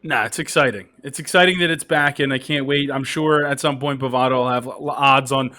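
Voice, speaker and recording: Man with a bright, forceful voice. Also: medium pitch, fairly quick. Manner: leads the segments, reads out betting lines. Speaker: podcast host. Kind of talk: casual sports betting chat.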